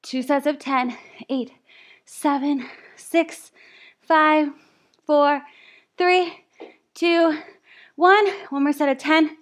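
High, unhurried woman fitness instructor. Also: fairly even intonation. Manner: counts reps aloud, upbeat encouragement. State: out of breath. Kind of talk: live workout class coaching.

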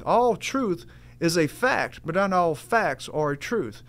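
A man's voice: a little high, expressive, normal speed. A man preaching a sermon in an earnest, emphatic way, repeating his key phrases and calling the listeners family.

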